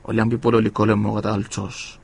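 A man's voice: completely flat delivery, normal speed, creaky, slightly rough. Man preaching a sermon. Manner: emphatic rises on key words, phrase endings fading low and quiet.

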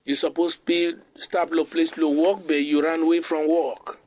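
A man preaches a morning sermon. His voice sits a bit high for a man. He mixes creole with English and slows down to read Bible verses. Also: level tone, a little mellow. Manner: preaches in a creole-mixed English, quoting scripture slowly.

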